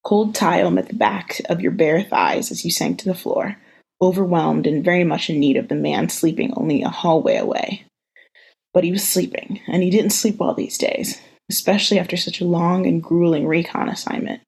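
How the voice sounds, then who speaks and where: A woman hosting a podcast, reading a romance story aloud in an even, intimate way. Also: lowish voice, moderate pace, creaky, slightly rough. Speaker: podcast host reading fan fiction.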